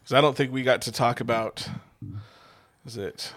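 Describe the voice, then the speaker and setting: A young man co-hosting a podcast in casual chat, laughing often and swearing freely. His voice sits at an ordinary pitch and sounds dry and close, with almost no room sound. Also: fairly even intonation, normal speed, a bit bright, no room sound. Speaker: podcast co-host.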